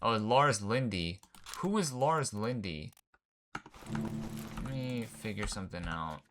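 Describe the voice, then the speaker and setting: A man's voice: on the low side, animated, unhurried, background noise. A man giving casual gameplay commentary, thinking aloud in laid-back slang as he puzzles things out. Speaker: gaming channel host. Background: game music.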